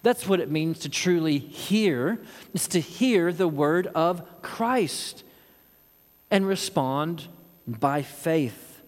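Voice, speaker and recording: Preacher with a ringing hall echo. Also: male voice, high-pitched. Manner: rhetorical, voicing questioners with rising heat. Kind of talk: expository sermon. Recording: long hall reverb.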